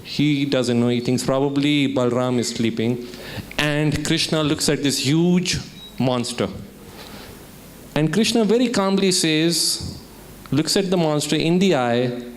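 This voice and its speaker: A man's voice: mid-range voice, slight background noise. A man from India speaking as a keynote speaker at a student summit, telling a story and asking the audience questions. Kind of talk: motivational talk with storytelling. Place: lecture hall at a student summit.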